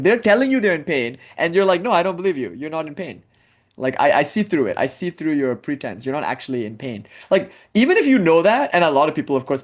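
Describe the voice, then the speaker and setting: A young man giving an informal spiritual lecture in a casual, chatty way, full of "like" fillers and asides, sometimes chanting Sanskrit verses. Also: mid-range voice.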